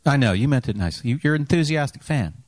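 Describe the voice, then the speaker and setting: A man's voice: mid-range voice, expressive, racing. A man hosting a live comedy podcast on stage, teasing his guests in a dry way. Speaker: podcast host. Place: on stage before a live audience.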